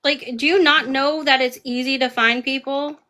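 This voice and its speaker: Yelling and swearing at a rude commenter, a woman hosting a TikTok live stream vents her anger in a heated chat. Her voice is high, her tone steady, and her speed normal.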